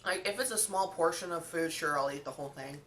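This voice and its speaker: A woman's voice: low-pitched, fast talker, fairly bright tone, recorded from a distance, a little hiss or hum. A young woman vlogger chatting casually while she eats, telling a story with lots of ums and likes. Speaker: mukbang vlogger.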